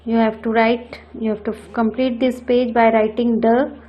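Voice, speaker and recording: A woman teaching children cursive handwriting, giving slow step-by-step instructions and repeating each stroke. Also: fairly high pitch, little pitch movement, lo-fi sound. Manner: switches between English and Hindi.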